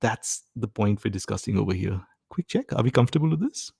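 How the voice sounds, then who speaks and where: A male test-prep instructor runs a live online lesson with a gravelly, mellow voice. He keeps pausing to ask if everyone is following. The sound is close and dry, with no room echo. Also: lowish voice, animated. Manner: frequent comprehension checks, asks "right?" often.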